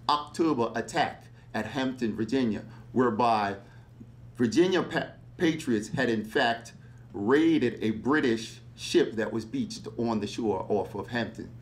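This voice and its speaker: A male history lecturer speaking at a public talk in a mid-range voice. He is animated and conversational, often breaking in with rhetorical questions to keep his audience engaged. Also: medium pitch, slight background noise.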